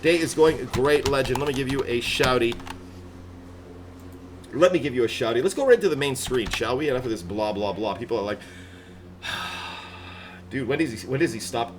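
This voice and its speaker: A man's voice: mid-range voice, lively intonation, normal speed, long pauses, noisy background. A man chatting casually on a live game stream, upbeat and rambling, laughing often. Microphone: headset. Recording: background music playing loudly. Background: music.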